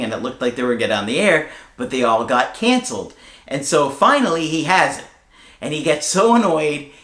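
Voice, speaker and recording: Man, relationship coach, casual storytelling, mid-pitched voice, echoey room. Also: fairly bright tone. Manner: conversational, storytelling with fillers. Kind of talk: casual advice talk to camera. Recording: roomy echo.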